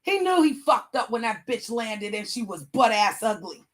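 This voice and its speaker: A woman's voice: fairly high pitch, sing-song, normal speed. A woman hosting a livestream, venting angrily about an ex in heated, profane casual chat. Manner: angry, profane venting rant. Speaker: livestream host.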